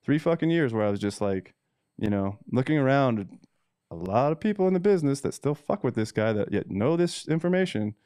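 A man's voice: mid-range voice, lively intonation, fairly quick, warm tone, clean tone, dry recording, studio quality. A man who breeds cannabis seeds talks straight to camera in a casual, heated monologue, blunt and full of swearing. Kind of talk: casual ranting vlog monologue.

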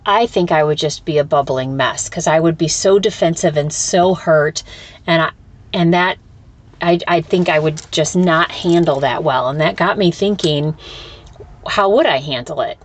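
A woman's voice: low-pitched, moderate pace. A woman hosting a solo spiritual podcast, talking candidly and thinking aloud, swearing freely and restarting her sentences. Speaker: podcast host and spiritual teacher. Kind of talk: reflective solo podcast talk.

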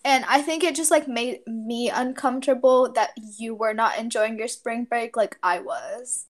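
A woman's voice: fairly high pitch, normal speed. A teenage girl co-hosting a podcast, telling stories in a chatty, giggly way with many fillers. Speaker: podcast co-host. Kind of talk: casual podcast chat.

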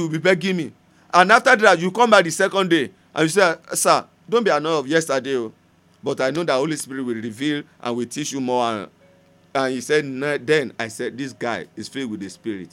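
A man preaching a sermon, emphatic, moving between loud proclamation and soft prayer and laughing often as he tells stories. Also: on the high side, expressive, fast.

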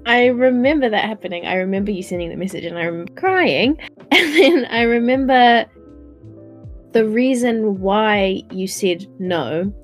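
A woman's voice: medium pitch, lively intonation, moderate pace, faint music behind. A young adult woman, earnestly telling a personal story in casual chat, with lots of "like". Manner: earnest storytelling, heavy use of "like".

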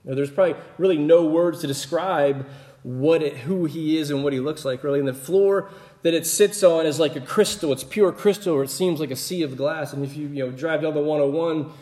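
A man giving a relaxed, conversational Bible teaching, explaining as he goes and often checking in with his listeners with a quick "right?". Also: a little high. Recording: roomy echoey room.

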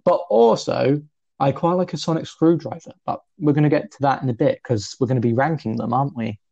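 A man of twenty co-hosting a casual podcast chat, talkative and self-deprecating, his pitch often jumping up. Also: fairly quick, creaky, highs cut off. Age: 20s. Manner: chatty, self-deprecating, lively pitch jumps. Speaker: podcast co-host.

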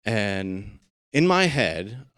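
A man's voice: lowish voice, big pitch swings, drawn-out words, fairly bright tone, clean tone. A man in his thirties giving a candid, conversational personal testimony to a group of men, acting out the voices of the people in his story. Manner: candid and conversational, acts out quoted dialogue. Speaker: speaker sharing a personal testimony.

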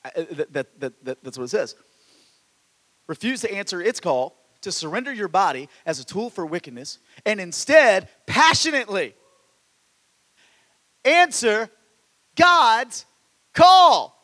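A man preaching a sermon in an animated way, swinging from loud exclamations to hushed asides, with stammered restarts. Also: high-pitched, moderate pace, long reverb tail. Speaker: pastor.

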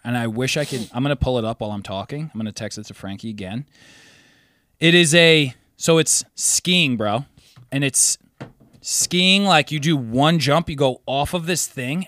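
A young man hosting a podcast, telling stories in excitable casual chat and swearing often. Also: medium pitch, moderate pace, dry recording. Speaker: podcast host.

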